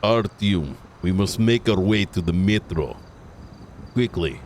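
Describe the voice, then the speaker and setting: A man putting on a Russian accent to voice a stern young man in a video game, speaking low and urgently. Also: lively intonation, slow, slight background noise. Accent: Russian (put on).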